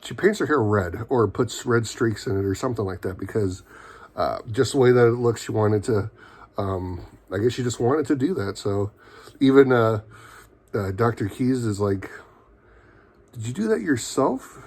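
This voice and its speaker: A man's voice: on the low side, moderate pace, darkish tone. A man giving a casual, rambling recap of a TV episode, full of fillers and quoted lines. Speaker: TV show reviewer.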